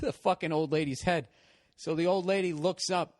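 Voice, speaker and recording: This podcast host is a middle-aged man whose fairly high voice has a darkish tone and a normal pace, recorded without room sound. He tells a meandering, self-mocking funny story, cursing plenty and chuckling throughout.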